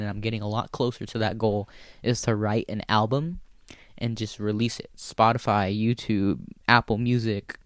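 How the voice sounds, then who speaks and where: A man's voice: medium pitch, clean tone, no echo, studio quality. Profane, rambling male comedian. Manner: profane, rambling, animated storyteller. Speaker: stand-up comedian and show host. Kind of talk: casual storytelling chat.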